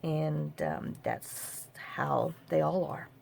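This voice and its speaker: Woman, middle-aged, low gravelly voice, halting vlog storytelling. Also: a little mellow, a little hiss or hum. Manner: halting, many fillers and repeated "I said". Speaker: craft vlogger. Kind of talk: personal storytelling to camera.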